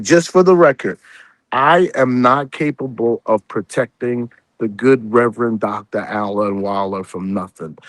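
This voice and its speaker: A man's voice: medium pitch, no echo. A man on a live stream, scolding another creator in a heated, repetitive rant. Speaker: accountant.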